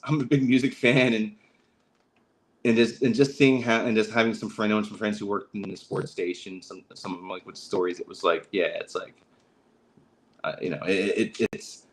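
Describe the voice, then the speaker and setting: A man's voice: lowish voice, slight background noise, poor audio. A man hosting a casual livestream chat, rambling through stories with lots of fillers and restarts and acting out the quotes. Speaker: podcast host.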